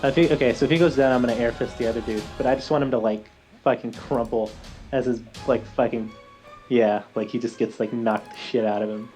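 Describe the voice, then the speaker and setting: A man's voice: mid-range voice, steady tone, fairly quick, darkish tone. A man playing a tabletop game online, casual and swearing a lot. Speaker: player. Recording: faint music behind.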